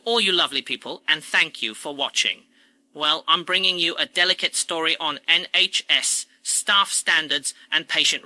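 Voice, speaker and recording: A man hosts a scripted commentary, his tone sarcastic and indignant as he rants. His voice sits high and sounds very bright. The recording is close and dry. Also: no echo, low-quality recording. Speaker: commentary channel host.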